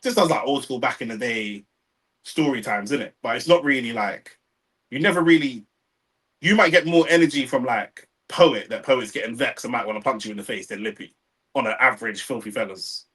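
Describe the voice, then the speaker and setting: A man's voice: medium pitch, fairly quick, fairly bright tone, slightly rough, poor audio. A young man with a London accent, co-hosting a live stream in casual banter, reading viewer chat and dropping slang like bro and innit. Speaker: watchalong co-host.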